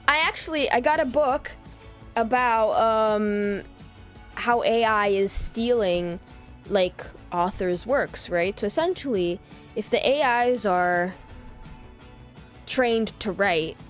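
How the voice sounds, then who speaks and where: Chatty young woman telling a story. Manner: animated, chatty, acts out quotes with big pitch jumps. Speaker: livestreamer. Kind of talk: casual storytelling chat.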